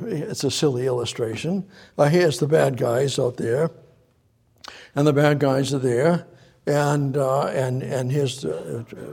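A man with a gravelly, husky voice, pitched a little high, preaching a sermon. He halts and restarts often and leans on rhetorical questions to drive his point home. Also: darkish tone. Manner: halting, repeats himself, rhetorical questions.

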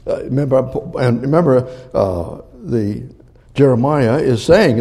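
An older man preaching a sermon as pastor, with a gravelly voice, acting out crowd quotes. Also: a little high, very animated, measured pace, warm tone.

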